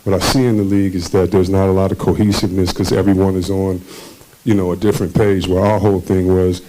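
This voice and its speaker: A man's voice: sits low, flat delivery, quick pace, dark tone, slight background noise, low-quality recording. A man, a former basketball player being interviewed on a conference stage, tells his stories casually and animatedly, acting out the voices of people he quotes and laughing often.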